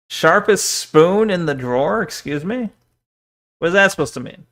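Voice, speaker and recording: A man's voice: sits high, expressive, measured pace, a bit bright. A young man streaming, casually chatting with his viewers in a jokey, self-deprecating way, swearing and laughing often. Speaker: VTuber streamer. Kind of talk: casual chat reading stream chat.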